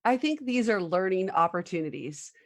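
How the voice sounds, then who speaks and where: A woman's voice: medium pitch, animated, moderate pace. A woman hosting a podcast interview, chiming in with enthusiastic, affirming remarks. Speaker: podcast host. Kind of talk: interview conversation.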